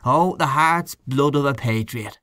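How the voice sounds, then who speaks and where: A man's voice: mid-range voice, unhurried, sharp tone, no echo, clean studio sound, voice pushed up. Man voicing a scornful gossipy canvasser. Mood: conspiratorial. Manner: scornful, snuffling, conspiratorial. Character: grumbling gossipy middle-aged male canvasser.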